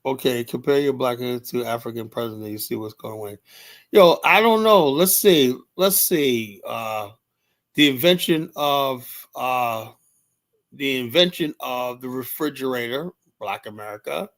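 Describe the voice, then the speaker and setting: A man's voice: mid-range voice, measured pace. A man hosting a live stream, talking casually and rambling to his chat, often laughing.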